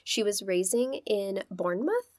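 A woman's voice: medium pitch, lively intonation, a little slow, darkish tone, dry recording, clean studio sound. A woman co-hosting a podcast, telling a true-crime story in a casual, chatty way with sarcastic asides.

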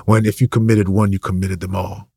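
Passionate low gravelly male preacher. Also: flat delivery, fairly quick, a little mellow, dry recording, clean studio sound. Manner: passionate, repetitive, rhetorical questions. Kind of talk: impassioned ranting sermon.

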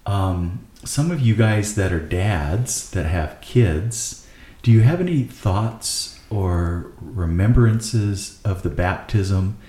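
A man's voice: sits low, takes it slowly, hardly any pauses, dark tone, echoey room. A man hosting a casual faith podcast, earnestly asking his co-hosts questions. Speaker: podcast host leading discussion. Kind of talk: casual discussion.

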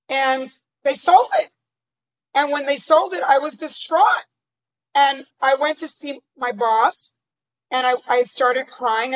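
A woman guest on a podcast tells her own story in conversation. Her voice sits high, and she talks candidly and reflectively about what happened. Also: rough recording. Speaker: interview guest.

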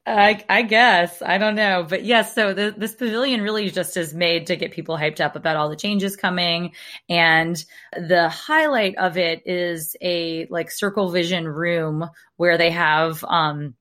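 A woman's voice: on the low side, unhurried, fairly bright tone. A woman from Alabama, co-hosting a casual podcast chat, chatty and self-deprecating, laughing easily. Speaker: podcast co-host.

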